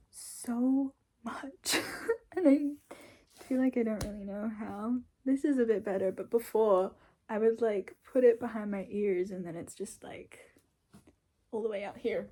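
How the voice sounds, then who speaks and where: A woman's voice: a little high, warm tone. A young woman in her twenties chatting to the camera in a casual vlog, gushing and sometimes half-whispering. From Australia. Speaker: vlogger.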